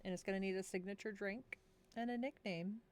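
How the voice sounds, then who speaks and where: A woman's voice: mid-range voice, steady tone, a little fast. A tired woman streaming a worldbuilding session, chatting casually, giggling often and talking to her pets.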